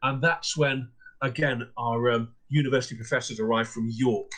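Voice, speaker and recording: A middle-aged man, telling ghost stories as a podcast guest in a measured, theatrical way. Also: medium pitch, fairly even intonation. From Lancashire, England. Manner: measured, theatrical storyteller with repeated words and fillers. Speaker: guest storyteller and paranormal historian. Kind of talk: podcast storytelling.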